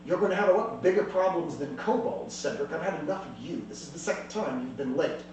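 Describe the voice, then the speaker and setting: Record a hard, scheming drug-den mistress as a man puts her on who speaks in cold, clipped lines and can snap at any moment. The voice sits a touch high. It sounds far off in a very echoey room over a faint hum. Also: animated, fast talker, close to an everyday voice. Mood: stern. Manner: cold, clipped, snaps into shouting. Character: stern scheming woman drug-den boss.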